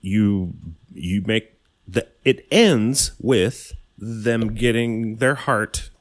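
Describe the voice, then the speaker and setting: A man's voice: fairly low pitch, extremely slow. A man co-hosting a podcast, making blunt, profane, mocking comments about a movie. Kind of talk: casual movie review chat.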